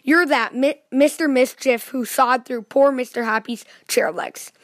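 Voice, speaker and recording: Lady reading as a stern old wizard, scolding, firm, still kinda high, dry close mic. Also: unhurried, no room sound.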